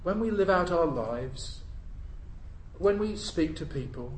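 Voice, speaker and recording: A male preacher with a high, lively voice that climbs and dips widely as he preaches to his congregation. He puts questions to them and shifts between forceful, loud emphasis and quiet, hushed asides. There is faint noise behind him in the church. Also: slow, roomy sound, rough recording. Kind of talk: sermon.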